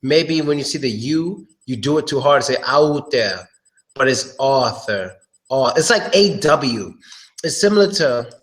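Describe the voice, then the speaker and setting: A man teaching English pronunciation in a casual live online lesson. He talks in a loose, chatty way, repeats words and often clears his throat. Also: fairly high pitch, fairly bright tone, poor audio.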